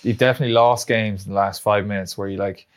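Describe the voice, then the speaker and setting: A man's voice: lowish voice, fairly even intonation, quick pace, clear, resonant tone. A man, a guest athlete answering hesitantly with lots of fillers. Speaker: guest rugby player. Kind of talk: interview answers.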